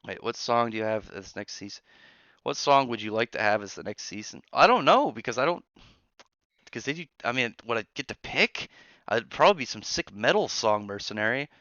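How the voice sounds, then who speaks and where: A man hosting a casual live stream from his barracks room, rambling through chat with quick asides and restarts. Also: mid-range voice, animated, bright, forceful tone, dry recording. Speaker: streamer host reading chat. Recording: dull lo-fi sound.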